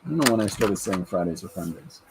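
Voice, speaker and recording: A man's voice: deep voice, quick pace, creaky, very noisy. A man hosting a podcast, chatting casually and rambling through stories while he draws. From Canada. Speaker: podcast host and artist. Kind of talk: casual chat while drawing.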